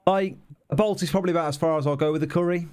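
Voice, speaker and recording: A man's voice: on the high side, fairly even intonation, very fast, darkish tone, clear, resonant tone. A man casting esports, chatting and teasing his co-hosts during a break. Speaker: esports caster. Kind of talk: casual banter between matches.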